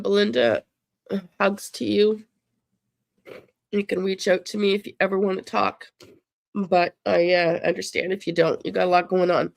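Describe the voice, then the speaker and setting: Woman, live-stream host, casual chat, gravelly fry, sympathetic, talks to viewers. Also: mid-range voice, darkish tone, dry recording, clean studio sound. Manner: chatty, reads and answers viewer chat aloud; emotional, sympathetic. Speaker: livestream host.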